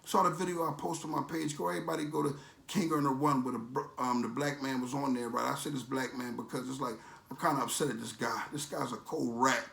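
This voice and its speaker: A man's voice: medium pitch, steady tone, quick pace, creaky, fairly bright tone, reverberant. A man ranting in a preachy, motivational way as a vlogger, with emphatic, streetwise, repetitive phrasing. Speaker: vlogger promoting a supplement.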